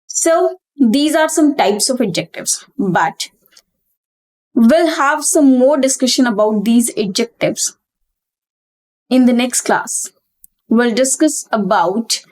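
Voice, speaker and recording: A woman's voice: on the high side, darkish tone, poor audio. A young woman teaching an exam-prep English grammar lesson, explaining step by step and repeating key terms.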